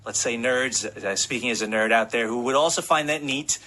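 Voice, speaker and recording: A man chats casually about tech in a bright, tense voice, with faint noise behind him. He rambles and hesitates, leaning on fillers as he goes. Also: medium pitch, brisk. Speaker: tech podcast co-host. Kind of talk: casual chat.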